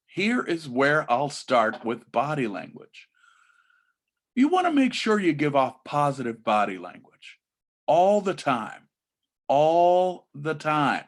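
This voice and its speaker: A man's voice: mid-range voice, fairly bright tone. A middle-aged man, a college admissions advisor, giving students practical interview advice, stretching out key words for emphasis. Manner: mimics bored and gushing teen voices. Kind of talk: instructional talk to students.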